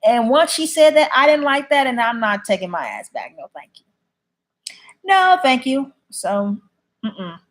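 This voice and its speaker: A woman chatting casually on a livestream, reading viewer comments and answering them bluntly. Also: high voice. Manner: blunt, opinionated. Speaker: YouTube live streamer.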